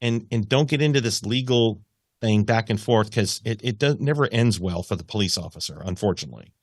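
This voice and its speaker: A man's voice: on the low side, brisk, no echo, studio quality. A man, a radio news reporter, telling a long story as a podcast guest and acting out the voices in it. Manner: animated, acts out quoted voices. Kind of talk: conversational storytelling.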